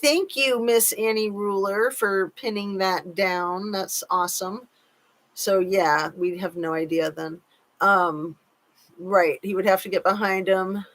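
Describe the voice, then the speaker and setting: A woman's voice: mid-range voice, fairly even intonation, takes it slowly, a bit bright. A woman hosting a casual live chat, reading viewer comments aloud and hedging her points with care. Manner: chatty, reads comments aloud, cautious with hedging.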